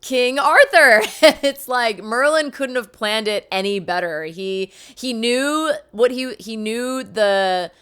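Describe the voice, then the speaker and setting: A woman casually retelling a film's plot as a reviewer, chatty and enthusiastic, tossing in quick character quotes. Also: on the high side, lively intonation, a bit bright, clean tone. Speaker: movie reviewer.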